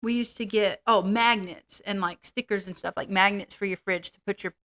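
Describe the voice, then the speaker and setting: A woman's voice: mid-range voice, fairly even intonation, moderate pace, fairly bright tone. Middle-aged woman rambling thru a funny story, self-deprecating, casual chat vibe. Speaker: co-host.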